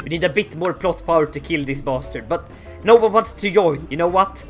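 A man narrating a strategy game playthrough, excitable and theatrical, laughing and bursting into shouts. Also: a little high, fairly quick, soft background music. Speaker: gaming YouTuber. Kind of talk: Let's Play commentary.

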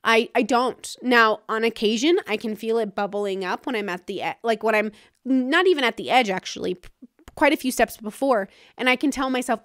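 A woman hosts her own podcast in a frank, casual solo monologue with some swearing. Her voice sits on the high side with a fairly bright tone at a moderate pace, captured in clean studio sound with no room sound.

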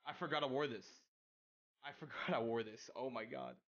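A young man on a live stream reads viewer messages aloud in casual chat, excitable and prone to loud outbursts and swearing. He stutters, often restarting his words. His pitch is medium, his pace moderate, and the high frequencies are cut off.

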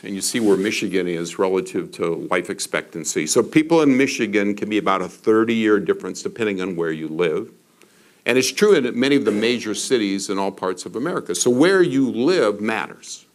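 A man's voice: lowish voice, expressive, brisk. A man in his sixties giving a public lecture in a college hall, telling stories in a conversational way with fillers. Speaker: guest speaker.

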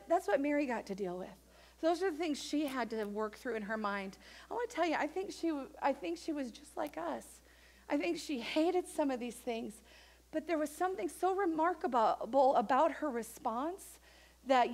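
A woman pastor preaching a sermon in a church, animated and acting out the voices of the people in her story. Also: very high-pitched, normal speed. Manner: animated, acts out quoted voices of Mary and others.

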